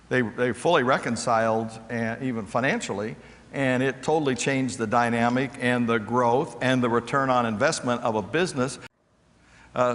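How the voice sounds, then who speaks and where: A male motivational speaker tells stories on stage and acts out the voices of the people in them. His voice sits at a middle pitch. A long reverb trails each phrase, as in a big hall. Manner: animated storyteller acting out quoted voices. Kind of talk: storytelling keynote talk.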